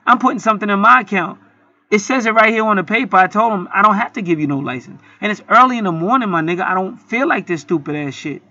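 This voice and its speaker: A man's voice: high voice, quick pace, sharp tone, highs cut off. A man telling a story in a casual, heated monologue, swearing often and rambling with many restarts. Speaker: channel host.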